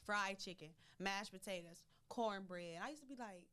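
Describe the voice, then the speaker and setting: A woman's voice: mid-range voice, normal speed, bright, forceful tone, smooth. Chatty woman co-host from Mississippi. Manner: chatty, laughs while telling stories. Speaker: morning show co-host. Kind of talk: casual chat.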